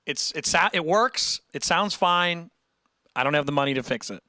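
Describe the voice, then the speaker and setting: A man's voice: on the high side, lively intonation, moderate pace, pushed and bright, no echo, clean studio sound. A man hosting a casual livestream, rambling and breaking off mid-sentence as he reads chat aloud. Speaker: livestream host.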